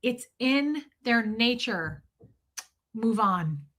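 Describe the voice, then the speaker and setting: A woman's voice: a little high, animated, drawn-out words, a bit bright. A woman streamer talking candidly and emphatically to her viewers, swearing freely and calling them by name. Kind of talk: casual live-stream chat.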